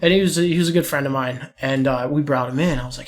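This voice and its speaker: A man's voice: mid-range voice, quick pace, few pauses. A young man co-hosting a podcast, telling a profane, laughing story about a bar prank while suffering from allergies. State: allergies, swollen eyes. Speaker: podcast co-host. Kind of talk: casual storytelling chat.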